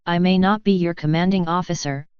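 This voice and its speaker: A woman's voice: on the low side, fairly even intonation, fairly quick, darkish tone, clean tone, dry recording, natural voice. A woman reading as a stern stallion captain. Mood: commanding. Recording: dry, slightly muffled.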